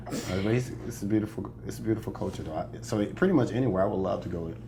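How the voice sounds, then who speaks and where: A man's voice: on the low side, rapid-fire, creaky, noisy background. A young American man, a comedian, chatting casually in an interview, boastful and joking, laughing often. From United States. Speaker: comedian guest.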